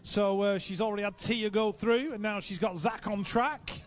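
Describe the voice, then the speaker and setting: A man's voice: sits high, steady tone, soft background music. A man announcing live races, reeling off rider names and adding chatty asides between calls. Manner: brisk, reels off rider names. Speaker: race announcer. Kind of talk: live sports commentary. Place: outdoor race track.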